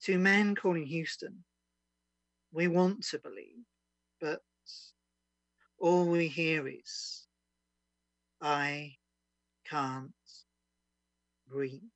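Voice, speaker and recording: A man's voice: fairly high pitch, slow pace, vocal fry, pauses often, fairly bright tone, no echo, muffled recording. Man performing comic spoken-word poetry. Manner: rhythmic sing-song delivery, mock desperation. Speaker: poet performing at an online open mic. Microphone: video call.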